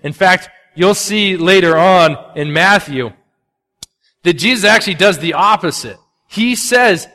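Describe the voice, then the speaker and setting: A man preaching a sermon as pastor, conversational and animated, swinging between loud punchy asides and quiet earnest drops. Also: fairly high pitch, a little slow, big-room sound. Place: church sanctuary.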